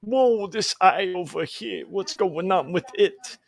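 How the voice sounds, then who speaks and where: A man's voice: high voice, takes it slowly, vocal fry, no room sound, voice pushed up, full character voice. A man putting on a goofy, brash voice of a wisecracking middle-aged male teacher, full of exaggerated exclamations. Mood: joking. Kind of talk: comic impression while drawing.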